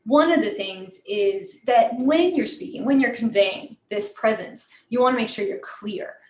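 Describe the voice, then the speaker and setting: Energetic woman coaching speakers. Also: a little high, a little slow, roomy sound. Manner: energetic, coaching, demonstrates examples with lively voice shifts. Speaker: program director teaching presentation skills. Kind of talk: live online class. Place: room in New York.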